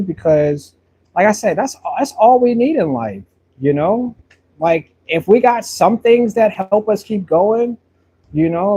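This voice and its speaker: A man's voice: a little high, warm tone, breathy edge. A man painting on a livestream, talking in a loose, long-winded way, full of fillers. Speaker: painter livestreaming his work. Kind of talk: casual rambling talk while painting.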